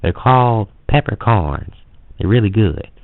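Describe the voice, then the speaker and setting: A man voicing a gruff, bossy Southern uncle who scolds his young nephew, in a put-on Southern US accent. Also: fairly low pitch, lively intonation, measured pace, no echo. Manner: scolding, bossy, calls the kid "boy". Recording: phone-like lo-fi audio.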